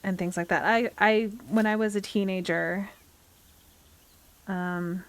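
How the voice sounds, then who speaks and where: A woman from the United States with a Western twang chats and rambles through stories while streaming a game, faint game music in the background. Her voice is medium in pitch, steady in tone and slow.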